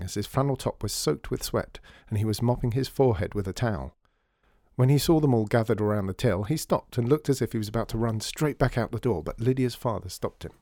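A man narrating a children's story in a calm, measured way. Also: medium pitch, dry recording, clean studio sound. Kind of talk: audiobook narration.

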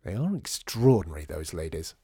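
Brief: narrator plays a dry, kindly neighbour, mellow. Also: male voice, low-pitched, sing-song, fairly quick, husky, no room sound, voice pushed down, exaggerated voice. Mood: wry.

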